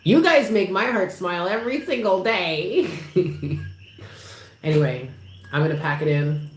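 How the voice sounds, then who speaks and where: A woman's voice: on the low side, animated, unhurried. A woman giving live tarot readings to her viewers, affectionate and emphatic, who swears casually. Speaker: tarot reader. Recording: roomy with faint background noise.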